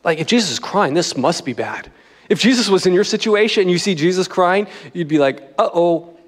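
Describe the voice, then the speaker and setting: A man's voice: high-pitched, expressive, fairly quick, big-room sound. A man preaching a sermon as pastor, in a conversational, joking style. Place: church sanctuary.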